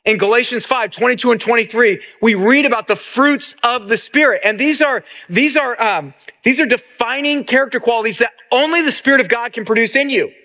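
Bright high-voiced man preaching. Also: fairly quick, hardly any pauses. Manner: earnest, repeats words as he restarts. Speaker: pastor. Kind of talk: sermon.

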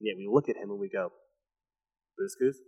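A young man preaching a sermon to his church, telling a family story with lively storytelling and then dropping into a hushed, intense delivery. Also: on the low side, very fast, lo-fi sound. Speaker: pastor. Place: church sanctuary. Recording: long hall reverb.

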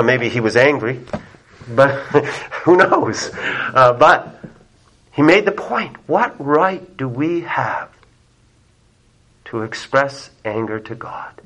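A man's voice: medium pitch, fairly bright tone. A man preaching a sermon in an earnest, emphatic way, often asking his listeners rhetorical questions. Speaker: pastor.

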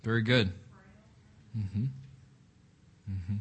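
A man's voice: fairly low pitch, steady tone, very slow, breathy edge. A man leading an interactive Bible study, reflective, often asking the group questions and repeating words as he thinks.

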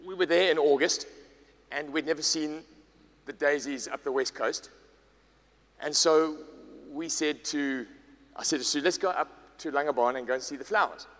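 A man, a pastor preaching a sermon, telling a story with lively acted-out dialogue. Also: fairly high pitch, normal speed. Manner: animated, acts out quoted dialogue. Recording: long hall reverb.

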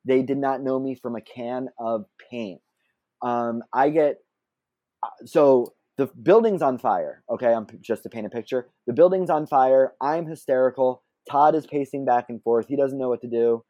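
Warm, chatty man telling a story. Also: medium pitch, normal speed, no room sound, lo-fi sound. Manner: chatty and self-deprecating, laughs often, many fillers and asides. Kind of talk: casual anecdotal storytelling.

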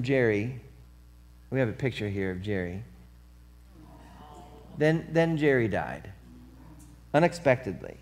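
A man preaching a sermon as pastor, telling a story with lively acted-out voices, then turning quiet and earnest. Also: mid-range voice. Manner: animated storytelling, acts out voices; drops to soft earnest tone for the appeal.

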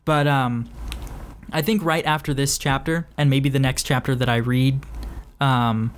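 A man's voice: mid-range voice, steady tone, unhurried, a little hiss or hum. A man hosting a podcast, chatting casually and hesitantly about his writing, with frequent ums. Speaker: podcast host and author. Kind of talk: casual chat.

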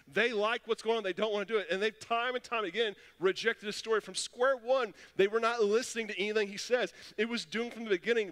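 A man's voice: high voice, fairly bright tone. A man preaching a sermon as pastor, passionate and acting out the voices he quotes. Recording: long echo of a church hall.

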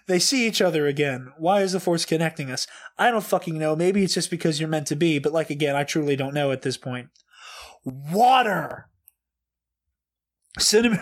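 A man casually reading out reaction notes. He is animated and swears a lot, often breaking into laughter. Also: fairly high pitch. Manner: animated, profane, frequent laughter. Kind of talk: casual comedic chat.

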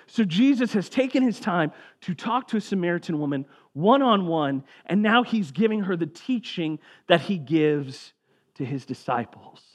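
A male pastor delivers a sermon in an easygoing, conversational tone. His voice sits a touch higher than most men's. When he reads scripture aloud, he drops low and quiet. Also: expressive, normal speed.

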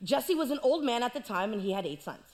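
A woman's voice: a little high, very animated, fast, a little mellow. A woman preaching a sermon, telling the story playfully with jokes and asides.

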